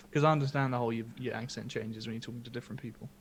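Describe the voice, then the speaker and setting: A man co-hosting a casual podcast, tossing in quick offhand remarks. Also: medium pitch, steady tone, a little hiss or hum. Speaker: podcast co-host.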